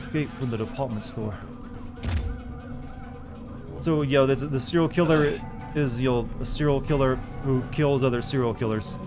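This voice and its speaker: A man's voice: medium pitch, normal speed, long pauses, music in the background. A man from the Southern United States casually commenting on a game he is streaming, rambling and wry as he chats with viewers.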